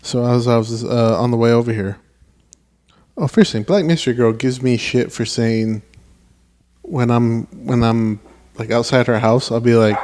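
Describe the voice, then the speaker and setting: A man's voice: medium pitch, fairly even intonation, normal speed, darkish tone. A man co-hosting a podcast in casual chat, telling rambling stories and quoting himself and others a lot. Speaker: podcast co-host.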